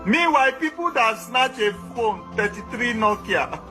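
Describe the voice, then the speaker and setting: A man as guest analyst, explaining a process step by step in a measured way. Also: very high-pitched, animated, music in the background. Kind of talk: explanatory discussion.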